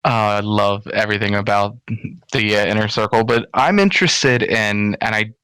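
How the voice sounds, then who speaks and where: A man's voice: lowish voice, normal speed, a bit bright, clean tone, dry recording. A man co-hosting a podcast, eagerly sharing his opinions and hopes about wrestling storylines. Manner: enthusiastic, shares opinions and hopes. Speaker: podcast co-host. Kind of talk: casual wrestling review chat.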